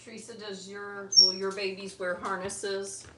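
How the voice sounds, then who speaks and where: In an unhurried mid-range voice with little pitch movement, a middle-aged woman chats casually on her home livestream and sweetly coaxes her pet bird. She hosts a bird channel, and the indoor recording from a phone on a tripod is roomy, distant and noisy.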